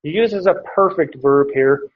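A man's voice: fairly high pitch, measured pace, slight background noise. A man preaching, teaching a passage verse by verse, with frequent fillers and restarts. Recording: dull lo-fi recording.

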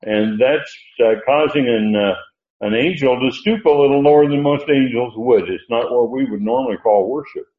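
An older man teaching a Bible study as a preacher, unhurried and halting, with many fillers. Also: medium pitch. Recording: roomy, dull lo-fi sound.

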